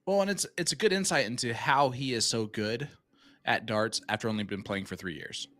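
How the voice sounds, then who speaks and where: A man calling a live darts stream as host, talking straight to the chat and rattling off sponsor scripts at speed. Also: mid-range voice. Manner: energetic, talks to the chat, plugs sponsors in rapid reads.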